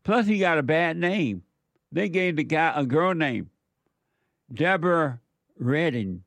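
A man's voice: on the high side, animated, unhurried, vocal fry, a bit bright, no room sound. A man hosting a call-in radio show, lecturing listeners emphatically and laughing often between points. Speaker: radio host. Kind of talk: call-in talk show preaching. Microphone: studio mic.

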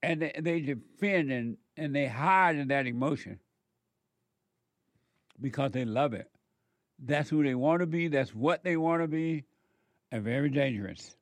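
A man giving a moralizing monologue in a slow, emphatic way, repeating words for stress. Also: fairly high pitch, dry recording.

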